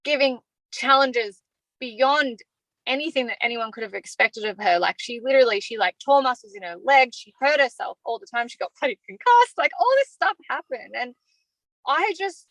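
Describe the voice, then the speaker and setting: A woman's voice: a little high, very animated, a little fast, a bit bright, dry recording, rough recording. An Australian woman answering interview questions openly and from the heart, talking freely about how she feels. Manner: open and heartfelt, talks freely about feelings. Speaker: evicted reality show contestant.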